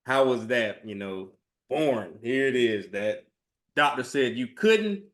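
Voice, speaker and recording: A man of ordinary pitch hosts a podcast and puts questions to his guests. He sounds casual and encouraging. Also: lively intonation, slow pace, a bit bright. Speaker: podcast host. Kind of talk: casual interview.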